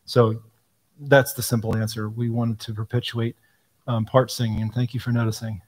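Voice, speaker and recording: A man's voice: mid-range voice, little pitch movement, normal speed. Man explaining hymnal choices. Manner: thoughtful, explanatory, frequent ums, quotes hymn lines aloud. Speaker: hymnal editor answering questions. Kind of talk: live Q&A talk.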